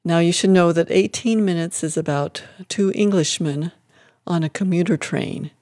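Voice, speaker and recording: A chatty host sets up a short story in a relaxed, conversational way. The voice sits at a middle pitch, recorded dry and close with no room sound. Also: moderate pace, dry recording. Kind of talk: casual introduction and reading.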